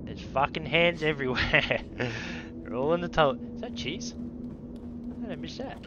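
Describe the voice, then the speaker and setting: A man commenting while playing a horror game, swearing a lot, grumbling when frustrated and yelling when something chases him. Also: a little high, normal speed, highs cut off, background noise. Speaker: gaming video creator. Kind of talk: let's play commentary.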